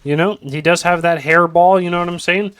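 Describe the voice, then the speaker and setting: A man's voice: sits high, fairly even intonation, fairly quick, fairly bright tone, clear, resonant tone, dry recording. A man casting a video game match in a casual, rambling way with joking asides. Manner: rambling, joking asides, lots of "you know". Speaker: esports caster.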